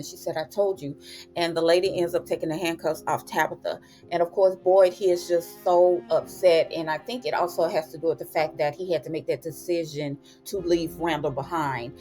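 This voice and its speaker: A young woman giving a chatty, expressive episode recap, with slang asides as she retells the plot. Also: deep voice. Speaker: TV recap host.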